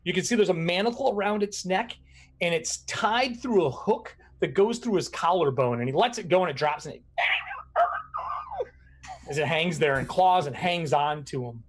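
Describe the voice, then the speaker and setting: A man narrating as game master of a tabletop game, animated and laughing often. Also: high voice, normal speed.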